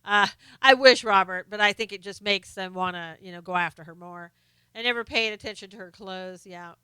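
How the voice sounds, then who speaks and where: Losing her voice, a woman hosts a casual live stream and reads viewer comments aloud in a chatty, halting way packed with fillers and restarts. Her medium-pitched voice is pushed and bright yet smooth, with no room sound.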